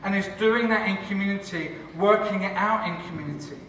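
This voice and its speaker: A man, a church leader and cafe founder, giving a lively conference talk with jokes for the audience. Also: high voice, fairly quick, a little hiss or hum. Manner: enthusiastic, joking, chatty with the audience. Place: large conference hall. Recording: echoey hall from far off.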